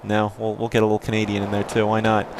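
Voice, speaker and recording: A man's voice: on the low side, monotone, fast, a little hiss or hum. A man hosting a let's play, casually explaining game mechanics in a rambling way with fillers. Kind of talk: casual gameplay commentary. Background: loud game music.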